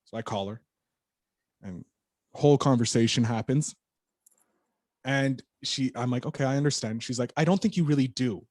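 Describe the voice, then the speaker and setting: A man on a podcast as a guest, telling a story in an animated, casual way and swearing freely. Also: mid-range voice, normal speed, long pauses, dry recording, studio quality.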